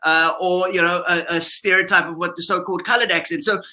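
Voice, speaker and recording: A ventriloquist gives voice to a cheeky, outspoken male puppet sidekick appearing as a comedian guest on a video call. The puppet's voice is high-pitched, pushed and bright with a steady tone, firing off quick sarcastic jokes and mock outrage.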